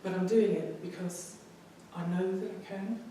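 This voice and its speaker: A woman in her fifties from England addresses a public speaking club with an emotional personal story, frequently repeating phrases. She speaks at normal speed in a lowish, dark voice with fairly even intonation. Captured at a distance in a very echoey meeting room, with slight background noise.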